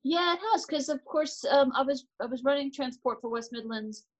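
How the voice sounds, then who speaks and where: A woman in her forties with an American accent, talking thoughtfully as an interview guest, with frequent pauses and restarts. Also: high voice, poor audio. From United States. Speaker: interview guest, transport director. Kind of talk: casual interview chat.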